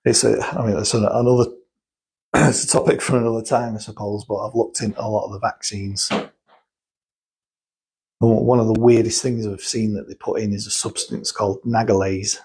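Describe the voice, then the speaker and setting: A man with a somewhat low, husky voice talks through a subject in casual conversation. He explains step by step and thinks aloud, often restarting his sentences. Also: level tone, moderate pace, a little mellow, rough recording. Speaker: guest explaining cosmetic chemicals. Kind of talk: casual chat.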